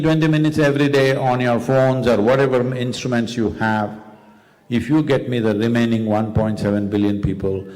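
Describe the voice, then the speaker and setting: A man's voice: medium pitch, darkish tone. Emphatic man in an echoey hall. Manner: emphatic, questioning, rhetorical. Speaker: spiritual teacher. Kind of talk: public talk to a live audience. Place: large event venue.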